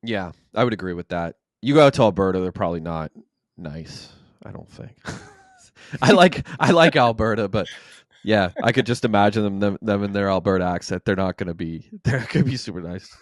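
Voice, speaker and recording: A man's voice: on the low side, a little fast, dry recording, clean studio sound. A man in his thirties hosting a podcast, easygoing and laughing often, swearing casually. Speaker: host. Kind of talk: casual interview chat.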